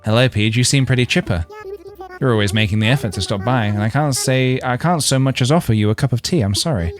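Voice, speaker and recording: A man voicing a shy, hardworking female hedgehog seamstress in a video game, speaking softly and apologetically. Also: medium pitch, quick pace, music in the background, natural voice. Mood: apologetic.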